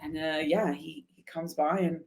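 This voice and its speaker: Woman telling an animated travel story. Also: low-pitched, normal speed, creaky. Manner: animated, acts out dialogue in anecdotes. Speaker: guest, motorcycle traveler. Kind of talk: casual storytelling.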